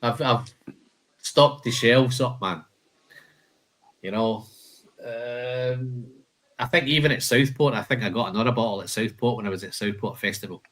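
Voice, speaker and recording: A man's voice: medium pitch, normal speed, pauses often, fairly bright tone. A man hosting a live whisky tasting, listing flavour notes and chatting casually, calling people "man" and "mate".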